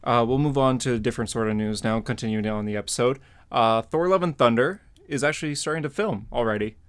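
Male podcast host, mid pitch, loose rambling delivery with fillers. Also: quick pace, clean tone. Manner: rambling, lots of fillers and laughs. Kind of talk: casual chat.

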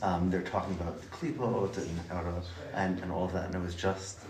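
A man's voice: low voice, fairly even intonation, a little fast, a crowd in the background. A man sharing a story in a class, hesitant with many fillers. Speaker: class participant. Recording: echoey room with background noise.

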